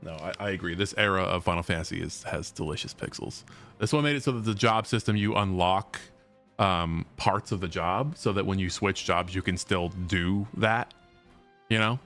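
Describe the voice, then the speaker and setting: A man's voice: low-pitched, moderate pace, a bit bright, soft background music. A man streaming a video game, chatting casually and joking with his viewers. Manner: chatty and joking, reads game text aloud. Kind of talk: casual let's-play chat.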